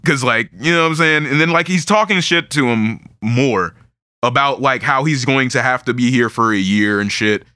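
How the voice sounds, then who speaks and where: Bright, animated swearing man. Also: mid-range voice, normal speed, clear, resonant tone, no echo, studio quality. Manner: animated, swears constantly, laughs often. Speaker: podcast host recapping a manga. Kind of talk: casual chat.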